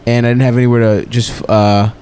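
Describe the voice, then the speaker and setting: A man's voice: mid-range voice, level tone, fairly quick, a little mellow, a little hiss or hum. Man, podcast co-host, crude giggly storytelling, casual banter.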